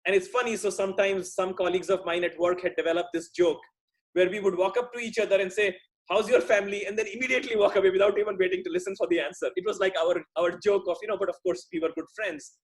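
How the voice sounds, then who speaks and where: Guy from india giving a talk, middle aged, highish voice, restarts a lot. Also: steady tone, quick pace. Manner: thoughtful, conversational, with frequent restarts. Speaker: guest speaker. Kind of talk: talk on workplace relationships.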